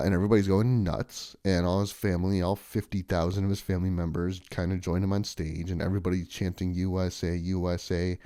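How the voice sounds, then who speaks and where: A man's voice: mellow, clean tone, no room sound, clean studio sound. A man vlogging in a casual, rambling monologue, chatty and sarcastic. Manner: chatty, sarcastic, mocks others in shrill impressions.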